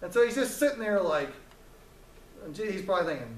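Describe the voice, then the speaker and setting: A man's voice: high voice, big pitch swings, brisk, pauses often, reverberant, recorded from a distance, a little hiss or hum, low-quality recording. A man teaching a Bible story in a casual, joking way, acting out the characters' lines as he retells it.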